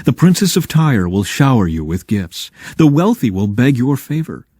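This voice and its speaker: A man reading scripture aloud in a measured, expressive way, leaning into dramatic lines. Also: medium pitch, breathy edge, no room sound, clean studio sound. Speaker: Bible reader.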